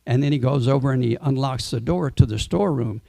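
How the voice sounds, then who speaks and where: A man telling a devotional story as a sermon, in a relaxed way and asking the audience questions. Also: mid-range voice, a little fast, gravelly, no echo. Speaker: speaker at a temple Sunday program.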